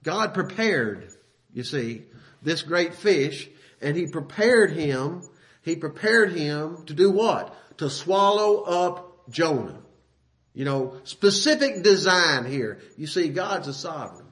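A man's voice: fairly high pitch, lively intonation, slow pace, fairly bright tone. A man preaching a sermon in a folksy, conversational way, reading scripture aloud and breaking off into asides and self-corrections. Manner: reads King James scripture aloud with emphasis.

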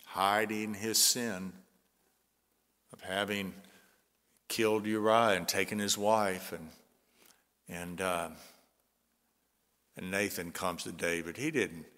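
A man preaching a sermon as pastor, earnest and conversational, with soft chuckles between points. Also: low-pitched, steady tone, slow pace, pauses often. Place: church sanctuary. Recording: long church reverb.

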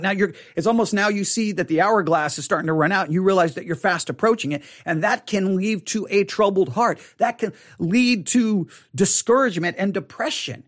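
A middle-aged Texan man leads a Bible study in a loose, conversational way. His voice sits a little high for a man. He stumbles and repeats words, then presses hard on the phrases he wants to land. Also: normal speed, few pauses. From Texas. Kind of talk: informal Bible study teaching with personal stories.

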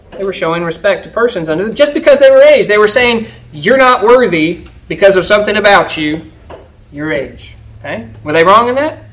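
A man preaching a conversational sermon, telling Bible stories with animated delivery and frequent "right?" checks to the congregation. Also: sits high, rough recording.

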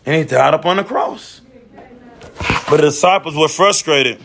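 A man preaching a folksy, animated sermon in a nursing home, talking straight to his listeners. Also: fairly high pitch, moderate pace, vocal fry, far from the mic. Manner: animated, folksy, talks directly to the audience. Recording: echoey room, recorded from afar.

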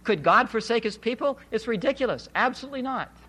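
A man's voice: very high-pitched, animated, fast talker, bright, forceful tone. A man preaching an expository Bible sermon, emphatic, posing rhetorical questions and repeating key phrases.

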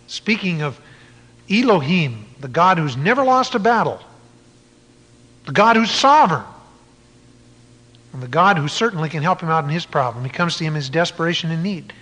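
A man's voice: on the high side, sing-song, brisk, fairly bright tone, big-room sound. A man preaching a sermon in an emphatic way, at times spelling words out letter by letter.

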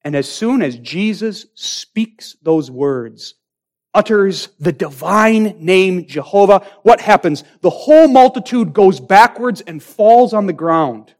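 A man preaching a sermon, reading scripture slowly and dramatically, swelling on key words and dropping to a hush. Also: high voice, expressive. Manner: slow, dramatic delivery with emphatic swells and hushed drops.

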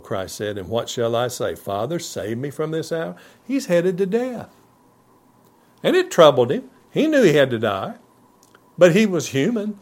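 A man preaching a sermon as pastor, pressing his points with emphatic rises and sudden quiet drops. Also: a little high. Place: church TV broadcast.

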